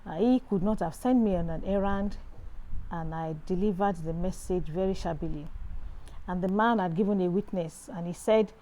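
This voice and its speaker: Middle-aged Nigerian woman, earnest testimony storyteller, warm mellow tone. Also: fairly low pitch, moderate pace, rough recording. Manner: earnest storytelling, animated exclamations. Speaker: Christian speaker sharing testimony. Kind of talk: personal testimony talk.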